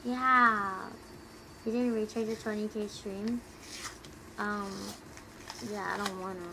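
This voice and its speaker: Tipsy young woman chatting low and slow. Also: fairly even intonation, noisy background. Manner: giggly, rambling, talks low and quiet. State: tipsy from drinking. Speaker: streamer. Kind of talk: casual chat with viewers. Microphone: close desk mic.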